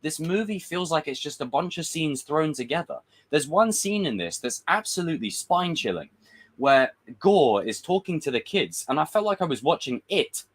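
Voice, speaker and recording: A man's voice: on the high side, big pitch swings, moderate pace. A man giving a casual, frustrated livestream rant as a film commentator, swearing and acting out quotes.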